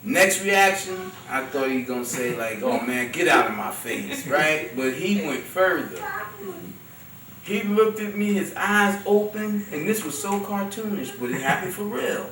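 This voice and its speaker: A man giving an informal religious talk, telling stories in an animated, conversational way with frequent chuckles. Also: high-pitched, measured pace. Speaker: religious teacher. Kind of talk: informal sermon with anecdotes. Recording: roomy distant recording, faint noise.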